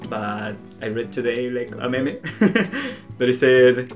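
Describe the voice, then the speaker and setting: Speaking slowly, with big swings in his mid-range pitch, a young Latin American man guests on a podcast for a casual chat while guitar music plays. He's a native Spanish speaker whose English carries a Latin American Spanish accent, and he tends to hesitate, restart his sentences and act out bits of dialogue.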